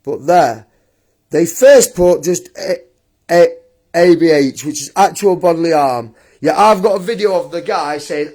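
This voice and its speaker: A man's voice: fairly high pitch, measured pace, darkish tone. A man ranting straight to camera in a blunt, combative, indignant vlog monologue. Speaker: vlogger.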